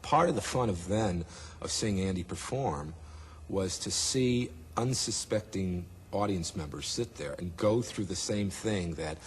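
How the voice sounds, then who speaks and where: A man telling an animated story in an interview, acting out what people said. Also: sits low, measured pace, faint music behind.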